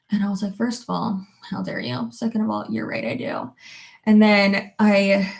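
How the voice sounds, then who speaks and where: Woman in her 30s, vlogger, casual chatty delivery, frequent laughs and loose swearing, mid-pitched. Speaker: vlogger reading viewer comments. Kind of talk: casual chat.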